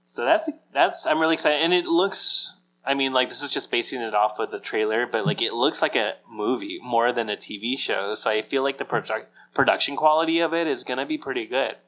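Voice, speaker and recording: A man's voice: medium pitch, fairly quick, few pauses, a bit bright. A man with a mid-range voice co-hosts a podcast, chatting casually. He sounds easygoing, laughs often and keeps his replies short. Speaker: podcast co-host. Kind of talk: casual chat.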